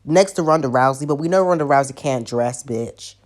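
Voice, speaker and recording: A woman's voice: rumbling low, fairly quick. A woman reviewing a wrestling show in a profane, exasperated rant, while sick. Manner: profane, exasperated, animated ranting. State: sick with covid. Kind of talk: ranting review vlog.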